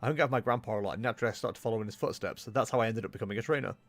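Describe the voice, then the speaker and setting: An upbeat young female trainer, read aloud by a man in his everyday voice. She talks fast and cheerfully, friendly and encouraging. The sound is dry and close. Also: lowish voice, dry recording, natural voice. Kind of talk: reading game dialogue aloud.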